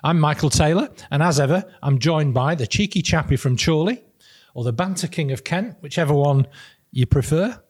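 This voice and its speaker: A man's voice: a little high, lively intonation, normal speed, a little mellow, husky. A middle-aged man from the north west of England co-hosting a casual political podcast, chatty and laughing as he tells stories. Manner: chatty, laughs while telling anecdotes. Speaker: podcast co-host.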